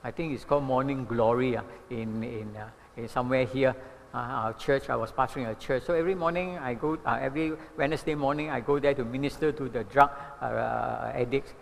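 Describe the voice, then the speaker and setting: A man in his seventies with a Malaysian English accent, preaching a sermon as an animated storyteller who keeps saying "you know". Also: mid-range voice, fairly quick, creaky, in a large hall, a little hiss or hum. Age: 70s. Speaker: pastor.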